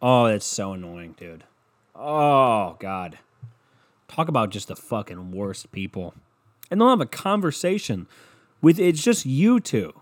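A man's voice: mid-range voice, big pitch swings, a little slow. A man hosting a solo podcast from his bedroom, talking in a rambling, profane, jokey way. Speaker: podcast host. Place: bedroom, in the dark. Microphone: microphone.

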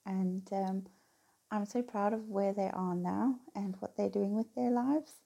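A woman's voice: medium pitch, fairly even intonation, a little slow, gravelly, warm tone. A middle-aged woman talking candidly to her viewers, rambling and laughing between phrases. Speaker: vlogger. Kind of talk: casual personal talk to viewers.

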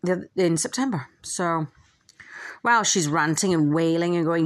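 A woman's voice: fairly low pitch, moderate pace. A woman hosting her own podcast, talking candidly in a casual monologue, swearing and acting out quotes. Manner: candid, swearing, animated quoting with laughs. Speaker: podcast host and author. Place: at home with a dog nearby.

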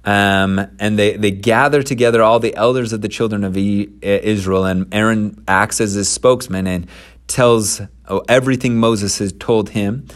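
A man's voice: fairly low pitch, fairly even intonation, moderate pace. A man retelling a scripture story in a casual, conversational way and adding his own commentary. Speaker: scripture teacher.

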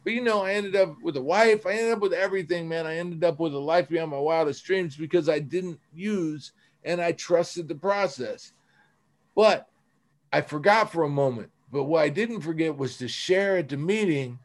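Earnest man, fairly high voice. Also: normal speed. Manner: earnest, repeats "man" often. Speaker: podcast co-host in recovery. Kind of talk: personal recovery story, casual chat.

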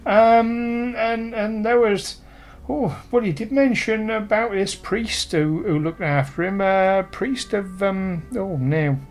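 A woman's voice: medium pitch, slow pace, darkish tone. Flustered grieving tavern woman, voiced by a woman, rambling, hesitant, affectionate, faint music behind. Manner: affectionate, calls people "my lovers".

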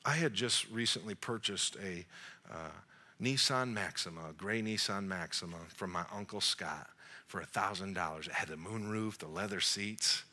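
A man's voice: low-pitched, normal speed. A man in his forties preaching to young adults, telling a story with jokes and acting out the dialogue. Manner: animated, jokey storyteller, acts out dialogue. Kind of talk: storytelling sermon.

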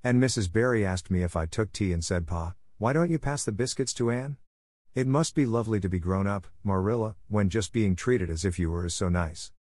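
A man's voice: fairly low pitch, brisk, darkish tone, no echo, studio quality, close to an everyday voice. A man voicing an eager, chatty, imaginative young girl who gushes and pleads breathlessly. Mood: gushing.

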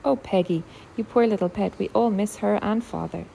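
A woman voicing a tearful young woman who is the heroine's older sister, speaking softly and pleadingly. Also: medium pitch, normal speed, gravelly, a little hiss or hum, pitched above the performer's own voice, low-quality recording.

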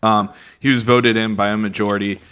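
A man co-hosting a podcast who explains his points in a calm, measured way. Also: on the low side, clear, resonant tone. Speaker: podcast co-host. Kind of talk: casual podcast discussion.

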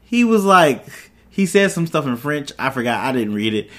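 A man's voice: mid-range voice, big pitch swings, moderate pace, fairly bright tone. A man hosting a podcast, retelling a TV episode in a loose, chatty way with side comments. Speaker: podcast host. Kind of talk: casual episode recap.

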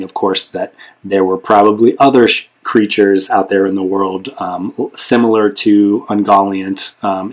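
A man with a fairly low voice talks in a loose, casual way. He fills his questions with "um" and restarts as he works out what he wants to ask. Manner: hesitant, many ums, friendly curiosity.

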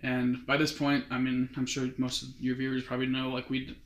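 Fast-talking young man, roomy sound. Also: medium pitch, monotone. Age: young adult. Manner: rambling, quotes others with "he's like". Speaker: guest recounting his mission. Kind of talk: casual storytelling. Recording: roomy echo.

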